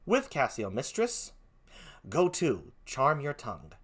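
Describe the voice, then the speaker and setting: A man's voice: medium pitch, wildly swooping pitch, takes it slowly, a bit bright, husky, heavily acted. An older man playing a scheming villain in his own plain voice, curt and dismissive. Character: scheming evil ensign, a man.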